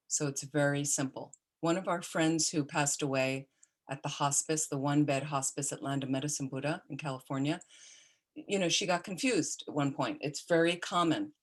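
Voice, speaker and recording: A middle-aged woman, a Buddhist nun, giving a calm, conversational dharma talk with personal stories. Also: sits low. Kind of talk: dharma talk on caring for the dying.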